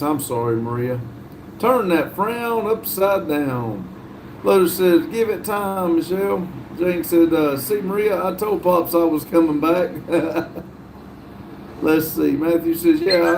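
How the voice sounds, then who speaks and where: A man's voice: a little high, darkish tone, slight background noise. A middle-aged man with a North Carolina accent, hosting a casual livestream and reading viewer comments aloud in an easygoing, drawling way with many fillers. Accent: Southern US, North Carolina. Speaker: livestream host reading chat. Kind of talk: casual live chat.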